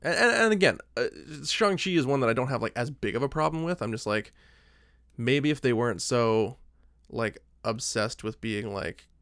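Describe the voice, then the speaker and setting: A man co-hosting a podcast in casual chat, animated, leaning on "like" and acting out his own thoughts as quoted lines. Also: mid-range voice, moderate pace, no room sound, clean studio sound. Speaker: podcast co-host.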